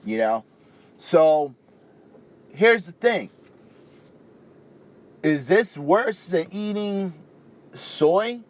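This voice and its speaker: A young man from the Caribbean, rambling in a casual, animated talk to camera and peppering his speech with "you know". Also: high voice, drawn-out words, long pauses. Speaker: vegan speaker.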